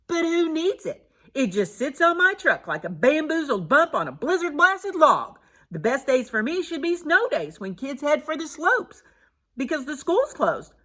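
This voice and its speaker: Woman reader putting on a bluster-and-bellyache resort man, high, bright and lively. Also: exaggerated voice. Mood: grumbling. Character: blustery grumbling man ski resort owner.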